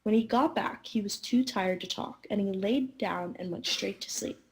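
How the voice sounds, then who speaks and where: Woman storyteller, expressive read-aloud, slight rasp. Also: mid-range voice, moderate pace, poor audio. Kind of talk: reading a children's story aloud.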